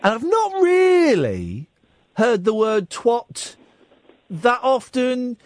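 A man in his forties hosts a late-night radio show, his pitch leaping about as he rambles along wryly and pokes fun at himself. The studio sound is close and dry. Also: huge pitch swings, takes it slowly, dry recording. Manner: wry, rambling, self-mocking. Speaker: radio talk show host.

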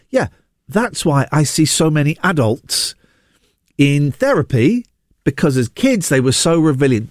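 A man's voice: fairly high pitch, very animated, a little slow, no room sound, clean studio sound. A man hosting a radio phone-in, chatting casually with callers in a jokey, sarcastic, self-mocking way. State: getting a sore throat. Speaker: radio host. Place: radio studio. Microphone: studio microphone.

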